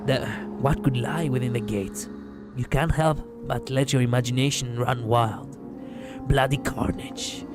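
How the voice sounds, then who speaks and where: A man with a Greek accent on a gameplay livestream, reading the game's text aloud in a playful way and joking between lines. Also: mid-range voice. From Greece. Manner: playful, breaks into laughter and quips between read-out lines. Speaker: streamer.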